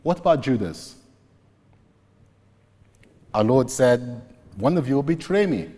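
Guy preaching slow, voice swooping up and down a lot, big echoey hall. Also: medium pitch, sing-song, mellow. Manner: slow, deliberate retelling of scripture scenes. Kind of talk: sermon. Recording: long reverb, echoey hall.

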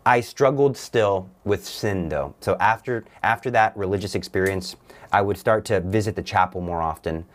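A young man, a guest on a talk show, giving an earnest, halting personal testimony with many restarts. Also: fairly low pitch.

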